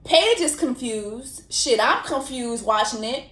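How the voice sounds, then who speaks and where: A young woman hosts a casual commentary vlog. She tells the story in an animated, slangy way and swears freely. Her voice sits fairly high and echoes around a roomy space. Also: slow pace. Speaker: host. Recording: roomy echo.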